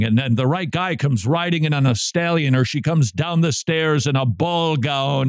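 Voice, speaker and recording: A man's voice: on the high side, moderate pace, few pauses, no echo, clean studio sound. A man hosting a daily Christian commentary show, talking in a wry, conversational way with sarcastic asides. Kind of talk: casual commentary.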